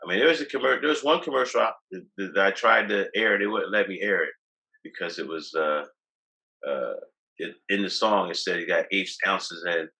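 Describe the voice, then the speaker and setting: A man's voice: low-pitched, normal speed, gravelly, sharp tone, low-quality recording. A man telling loose, boastful stories as a guest on a video call, restarting his sentences often. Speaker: guest, cannabis activist. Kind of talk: casual interview talk.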